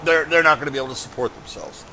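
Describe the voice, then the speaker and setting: A man's voice: a little high, rapid-fire, pushed and bright, a little hiss or hum. A man hosting a gaming channel, rambling through a personal update while he plays, swearing often and ranting with frustration.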